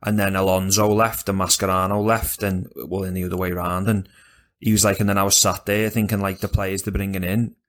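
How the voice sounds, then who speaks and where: A man chatting casually about football as a podcast co-host, animated and sweary, rambling with restarts. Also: low voice, a little fast.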